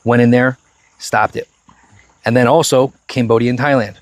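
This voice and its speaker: A man's voice: mid-range voice, moderate pace, dry recording. A man co-hosting a casual current-events podcast, listing points eagerly with restarts. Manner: excited, lists points with restarts. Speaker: podcast co-host.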